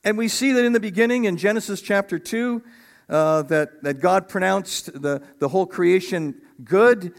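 A middle-aged man preaching a sermon as pastor, animated and acting out voices of biblical figures. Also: high-pitched.

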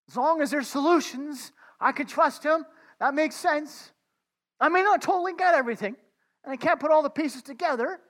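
A man's voice: extremely high pitch, a bit bright. A man preaching a conversational sermon, talking informally to his listeners as friends and often restarting his words.

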